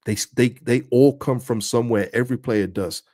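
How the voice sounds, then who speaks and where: A middle-aged man talks through a casual fan livestream, reading viewer comments and riffing on them in a chatty, animated way. His voice sits at an everyday middle pitch and is recorded close and dry, with no room sound. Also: moderate pace, dry recording. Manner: chatty, animated, repeats words and addresses viewers as "people".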